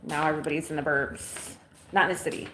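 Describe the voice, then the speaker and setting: Chatty, low-voiced woman live-streaming from home. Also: steady tone, fast, a bit bright. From Illinois. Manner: chatty, blunt, swears casually, reads and answers viewer comments. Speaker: vlogger chatting with live viewers. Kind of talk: casual live-stream chat. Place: home kitchen and living room, windows open. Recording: roomy home audio with faint background noise.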